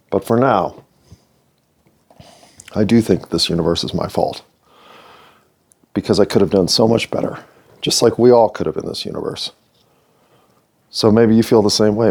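Low, mellow-voiced American man musing. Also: normal speed, long pauses. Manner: earnest, musing, with playful asides. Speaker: video series host. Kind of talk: reflective monologue to camera.

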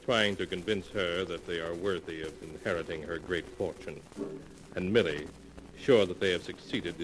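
1940s radio drama narrator: deep solemn man, measured and ominous, heavy hiss of an old transcription. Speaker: announcer and narrator.

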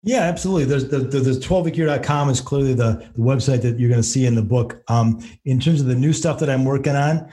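A man who works as a business coach, speaking as a podcast guest in a brisk, informative way. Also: mid-range voice, mellow. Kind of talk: casual podcast interview.

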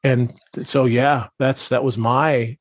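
A man's voice: medium pitch, level tone, slow, dry recording, studio quality. A man talking as a podcast guest in a casual, rambling way, with lots of restarts and fillers. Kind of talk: casual conversational interview.

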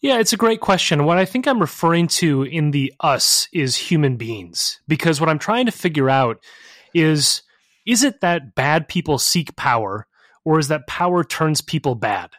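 Energetic explaining male guest. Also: fairly high pitch, moderate pace, no echo, clean studio sound. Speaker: guest, professor and author. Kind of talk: conversational interview answers.

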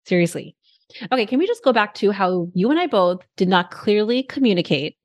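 A woman hosting a podcast interview, telling stories in an animated, casual way with lots of filler words. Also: mid-range voice, brisk. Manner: animated storytelling, many "like" fillers. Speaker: podcast host.

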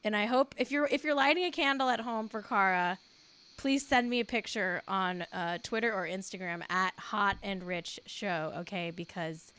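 A woman's voice: medium pitch, moderate pace, a bit bright, clear, resonant tone. A young woman co-hosting a casual gossip podcast, playful and mock-solemn. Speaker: podcast co-host. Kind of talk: casual celebrity gossip chat.

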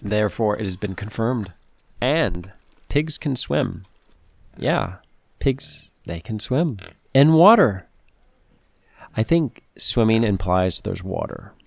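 A man's voice: on the low side, lively intonation, takes it slowly, gravelly, no room sound. A man hosting a playful animal-facts podcast for kids, chatty and goofy, full of puns and silly asides. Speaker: podcast host.

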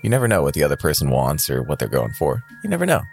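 A man playing in a tabletop game, chatting casually and excitedly with friends. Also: extremely low pitch, racing, vocal fry, soft background music. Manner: excitable, joking. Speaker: player. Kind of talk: casual chat.

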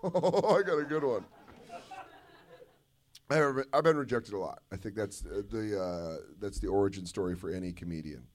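A man's voice: lowish voice, moderate pace. A man, a comedian, telling self-mocking stories in profane live podcast banter on a stage before an audience. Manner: profane, self-mocking storytelling with animated put-on voices. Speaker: comedian guest.

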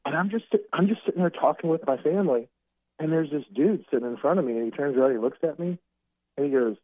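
A man on a phone call, a recruiting analyst chatting casually as a guest and telling rambling, animated stories. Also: mid-range voice, fast, no room sound. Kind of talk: casual podcast chat by phone. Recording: dry tinny phone line.

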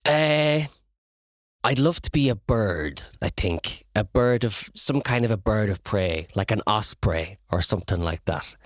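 A man's voice: fairly low pitch, animated, unhurried, no echo, clean studio sound. A man chatting casually and explaining things with enthusiasm. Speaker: podcast co-host. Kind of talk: casual chat.

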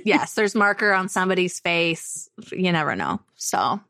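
A woman's voice: fairly low pitch, very animated, normal speed, pushed and bright, no room sound, studio quality. A woman in her thirties co-hosting a podcast, chatting casually and laughing often as she talks about her kids. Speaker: podcast co-host. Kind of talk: casual chat.

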